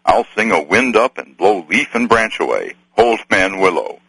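A man's voice: fairly low pitch, sing-song, normal speed, vocal fry, fairly bright tone, husky, dry recording, heavily acted, low-quality recording. A man voicing a merry old rustic nature spirit in an archival dramatic reading, sing-song and rhyming in old country dialect. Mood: boisterous.

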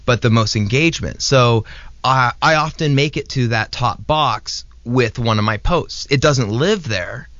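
Steady explaining man. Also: mid-range voice, unhurried, dry recording. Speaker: guest knife maker. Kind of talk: casual explanation. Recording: dull lo-fi dry recording.

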